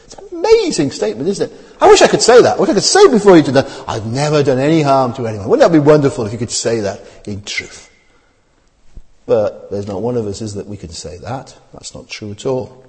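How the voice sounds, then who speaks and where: A man preaching a sermon, asking his listeners many rhetorical questions as his voice rises and falls. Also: medium pitch. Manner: rhetorical questions, lively rising and falling delivery. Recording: long hall reverb.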